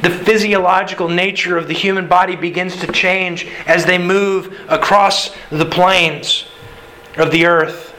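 A man preaching a sermon in a conversational, animated way, acting out quoted lines. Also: sits high, a little slow, rough recording. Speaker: pastor.

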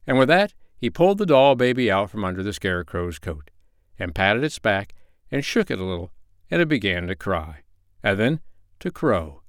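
A man narrating a storybook in a measured, expressive way. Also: deep voice, no room sound, clean studio sound. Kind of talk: storybook reading.

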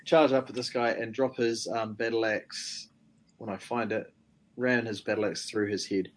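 A man's voice: lowish voice, little pitch movement, normal speed. A man playing a tabletop game, playfully describing his character's actions. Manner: playful, laughs often. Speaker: player.

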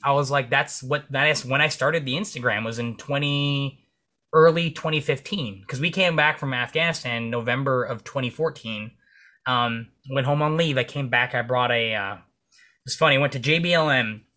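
A man's voice: mid-range voice, normal speed, pushed and bright. A young man, a military veteran guest, telling stories in a casual, rambling way full of fillers and swearing. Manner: profane, rambling with many fillers. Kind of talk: casual storytelling in conversation.

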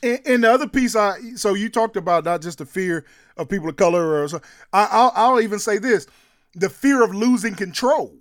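A man co-hosting a sports radio show, talking in an animated, emphatic, slangy way. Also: high voice, brisk, no echo, clean studio sound. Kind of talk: casual sports talk.

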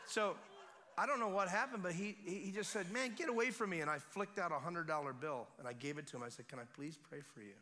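A man preaching at a revival service, telling a story with swings between hushed quiet and loud excitement. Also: fairly high pitch, fast. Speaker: guest preacher. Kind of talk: sermon testimony. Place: church service.

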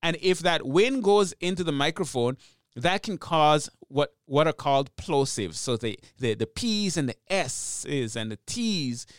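A man's voice: on the high side, lively intonation, measured pace, dry recording, clean studio sound. A man hosting a podcast, explaining how to record in a chatty, instructional way at a podcast microphone with a pop filter. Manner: chatty explaining, demonstrates mic technique. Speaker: podcast host. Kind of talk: instructional talk. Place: small home podcast studio.

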